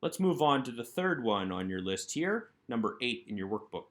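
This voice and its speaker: A man's voice: mid-range voice, sing-song, normal speed, fairly bright tone. A man teaching Hebrew grammar in a recorded workbook lesson, patiently and methodically explaining each word.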